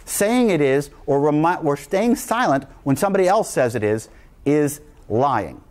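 A man addresses an audience with a slightly high voice. He speaks emphatically and in a rousing way, and his pitch swings widely as he presses each point. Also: expressive, unhurried, darkish tone. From United States. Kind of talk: speech to an audience.

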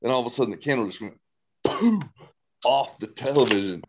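A man's voice: mid-range voice, lively intonation, fairly quick, a crowd in the background. A man casually telling a long ghost story to his brother, full of restarts, swearing and quoted dialogue. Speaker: podcast guest, host's brother.

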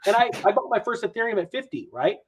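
Male finance creator, podcast guest, expressive and self-deprecating, upbeat chatter. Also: high voice, fast, breathy edge, poor audio. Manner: animated storyteller, jokey and self-mocking. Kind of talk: casual podcast chat.

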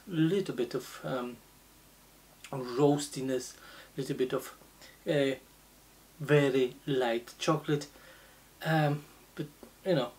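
A low-pitched woman talks through a beer tasting at a very slow, unhurried pace. She pauses often and fills the gaps with little hesitations as she describes what she notices. It sounds like a relaxed, casual review. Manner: slow, halting, many fillers.

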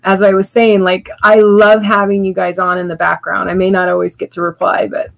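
A chatty woman raised in Louisiana signs off a livestream in a loose, rambling way. She trips over her words and restarts often, and laughs easily. Her voice sits at an ordinary middle pitch. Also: flat delivery, fairly quick, creaky, poor audio. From Louisiana, US South. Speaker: livestream host and spoken-word poet. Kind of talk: casual livestream sign-off.

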